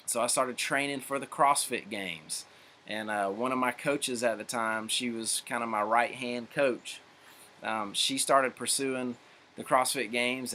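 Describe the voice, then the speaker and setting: Earnest fitness coach, faint background hiss. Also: male voice, medium pitch, fairly bright tone. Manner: earnest, repeats phrases for emphasis, many fillers and restarts. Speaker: fitness coach and gym owner. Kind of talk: motivational talk to camera.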